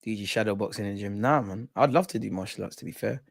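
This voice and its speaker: A young man hosting a live football watch-along, chatting casually, reacting to play and reading out comments, sometimes muttering and sometimes shouting at the referee. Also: lowish voice, fast talker, gravelly, no echo, clean studio sound. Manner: animated, swings from muttering to shouting at the ref.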